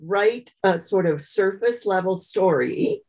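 A woman, a guest author, telling stories in a relaxed interview, pausing often and thinking aloud with fillers. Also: mid-range voice. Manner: thoughtful, many pauses and fillers. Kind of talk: conversational interview storytelling.

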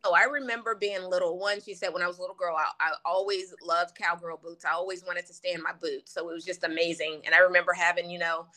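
A woman from Louisiana, a country singer guest, telling her story in a bubbly, animated way. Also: lowish voice, fast, hardly any pauses. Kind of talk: casual interview chat.

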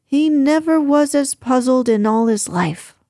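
A woman's voice: high-pitched, measured pace, warm tone, dry recording, clean studio sound. A woman reading the lines of a flustered, deferential middle-aged housekeeper who speaks in a fussy, hesitant way. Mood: fussing.

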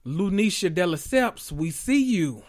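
A man hosting a podcast, recapping reality TV in a loud, profane, animated way with sudden high squeals. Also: unhurried. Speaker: podcast host.

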